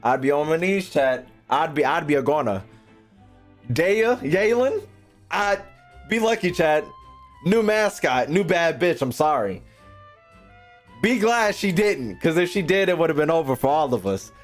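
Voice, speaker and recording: A man streaming a video game, reacting in loud, profane, casual commentary. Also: fairly high pitch, very animated, measured pace, soft background music. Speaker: gaming streamer. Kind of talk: casual let's-play commentary.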